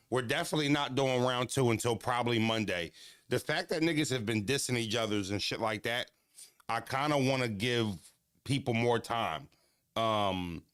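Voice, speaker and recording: A man casually telling stories in an animated, profane, slangy way. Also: on the low side, dry recording, clean studio sound. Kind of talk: casual storytelling. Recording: music playing clearly behind.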